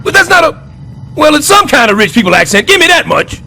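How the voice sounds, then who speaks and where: An actor voicing a blustering middle-aged building super in an animated sitcom, boastful and sarcastic. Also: male voice, extremely high pitch, fast, gravelly, full character voice.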